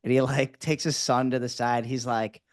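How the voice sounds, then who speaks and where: A man's voice: mid-range voice, little pitch movement, moderate pace. A man hosting a podcast, chatting casually and telling anecdotes in an easygoing way before asking questions. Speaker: podcast host. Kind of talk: casual conversational interview.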